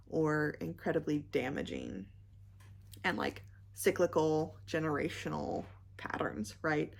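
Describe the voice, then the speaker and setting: A young woman talks through her monthly reading in a slow, unhurried way, her voice low-pitched and gravelly with vocal fry. She rambles, filling pauses with ums and likes as she hunts for the right word. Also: a little mellow. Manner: rambling, many ums and likes, searching for words. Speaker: book vlogger. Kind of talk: casual book review chat.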